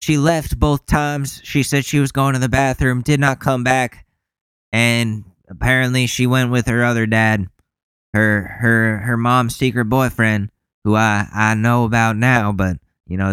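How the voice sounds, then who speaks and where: A man doing a sarcastic, deadpan send-up of a male politician as a rambling, pitiful divorced father. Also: medium pitch, clean tone, dry recording, natural voice. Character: mocking take on a male senator, bitter divorced dad.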